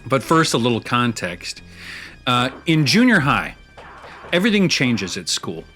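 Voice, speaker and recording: A man's voice: medium pitch, sing-song, unhurried, pushed and bright, soft background music. A man hosting a casual show, chatting and rambling through fillers and small chuckles as he plays a video game. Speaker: host. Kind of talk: casual chat while playing a video game.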